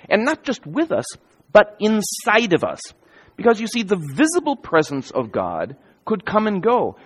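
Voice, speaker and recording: A man preaching a sermon in an emphatic, varied delivery with deliberate pauses, in a church sanctuary. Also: on the high side, breathy edge. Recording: hall reverb.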